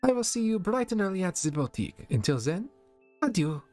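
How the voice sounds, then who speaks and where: A man's voice: high voice, big pitch swings, fairly quick, a little mellow, faint music behind, voice pushed up. A man voicing a glamorous female pony supermodel who gushes dramatically and drops French phrases. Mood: gushing theatrical. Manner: gushing, dramatic.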